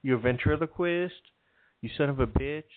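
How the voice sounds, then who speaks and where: A man voicing a scornful male heckler who mocks and insults, slower and higher than his own voice. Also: natural voice. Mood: mocking. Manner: mocking, insulting. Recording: phone-like lo-fi with faint music.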